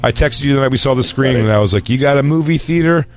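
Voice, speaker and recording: A man's voice: mid-range voice, racing. A man hosting a podcast, chatting in a loose, joking way and laughing between stories. Faint music sits behind his voice. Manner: joking, laughs often, reads a plug. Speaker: podcast host. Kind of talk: casual chat.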